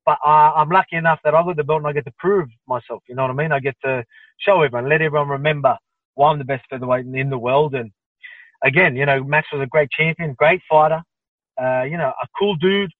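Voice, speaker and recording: A man's voice: fairly high pitch, quick pace, dry recording. Fired-up Australian man on a tinny line. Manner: fired-up, restless, lots of fillers and repeats. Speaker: interview guest, fighter. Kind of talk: remote interview answers. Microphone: video call. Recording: tinny phone-like line, dry.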